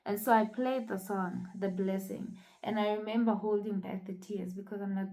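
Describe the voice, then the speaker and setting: A woman's voice: mid-range voice, steady tone, a little fast, hardly any pauses, mellow, low-quality recording. A young woman from South Africa telling a personal faith testimony in an earnest, reflective way, with frequent fillers. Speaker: vlogger sharing a personal testimony. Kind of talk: casual personal storytelling.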